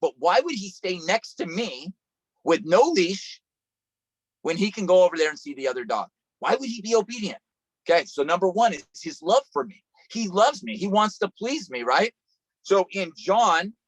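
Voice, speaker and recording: Earnest storytelling pastor on a video call. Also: male voice, high-pitched, big pitch swings, moderate pace, no room sound, rough recording. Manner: earnest storytelling, repeats phrases and restarts. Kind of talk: sermon.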